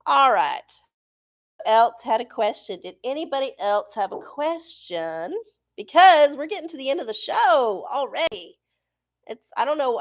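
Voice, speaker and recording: Woman streamer, slightly high voice, loose and profane, laughs a lot. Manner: profane, laughing, chatty with viewers. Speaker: livestream host. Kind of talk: casual live-chat talk.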